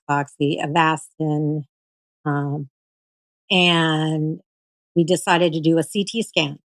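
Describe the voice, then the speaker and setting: A woman guest recounting her cancer treatment in casual storytelling, animated and full of fillers, often quoting her doctors. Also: low-pitched, no echo, rough recording.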